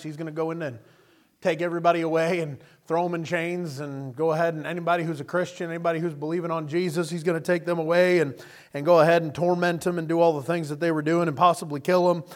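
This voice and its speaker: A man preaching a sermon, telling Bible stories with animated delivery and acting out the characters. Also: on the high side. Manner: animated storytelling, acting out scenes in character voices.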